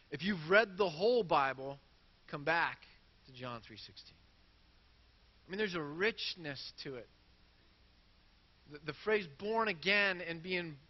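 A man's voice: high-pitched, in a large hall, lo-fi sound. A man preaching a sermon in a church, earnest and self-deprecating as he works through quoted scripture. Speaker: pastor.

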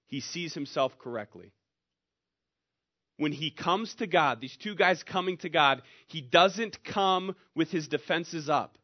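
A man's voice: a little high, animated, slow pace, highs cut off. A man preaching a sermon in a conversational, storytelling way, pushing up into emphatic rises. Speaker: pastor.

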